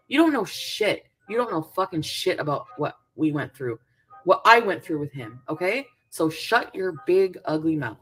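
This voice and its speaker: A woman's voice: fairly low pitch, breathy edge, poor audio. A woman on a livestream, ranting and hurling vulgar insults at the people she is feuding with. She fires out name-calling in bursts and keeps swearing at them. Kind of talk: profane insult rant.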